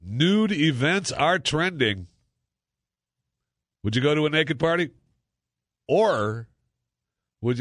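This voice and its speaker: A man's voice: medium pitch, dry recording, studio quality. A man hosting a talk radio show, joking around in a casual monologue with lots of fillers. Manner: jokey, animated, lots of fillers. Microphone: studio microphone.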